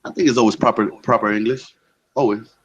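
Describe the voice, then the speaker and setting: A man's voice: lowish voice, steady tone, brisk, dull audio, a little hiss or hum. A man chatting on a group video call, who hesitates often and repeats his words. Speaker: panelist in a group video chat. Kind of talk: casual chat.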